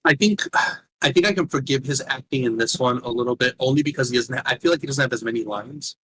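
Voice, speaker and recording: A man's voice: mid-range voice, fast, a bit bright, breathy edge, poor audio. A man co-hosting a casual movie podcast, explaining his points in a loose, rambling way. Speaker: podcast co-host.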